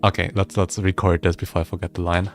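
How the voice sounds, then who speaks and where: Chatty low-voiced man streaming live. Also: little pitch movement, fast, music in the background. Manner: chatty, laughs often, stammers and restarts words. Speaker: music streamer. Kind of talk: casual livestream chat with viewers.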